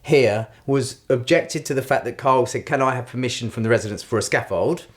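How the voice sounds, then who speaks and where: A man's voice: medium pitch, a little fast. A middle-aged man, co-hosting a podcast and telling an anecdote animatedly, acting out the voices he quotes. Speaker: podcast co-host. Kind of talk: casual storytelling chat.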